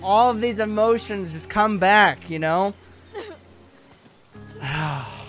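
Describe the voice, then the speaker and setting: A man with a high voice gives let's play commentary, slowly and emotionally sympathizing with the characters. He speaks at an unhurried pace, with faint music in the background. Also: animated, a bit bright. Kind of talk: game commentary.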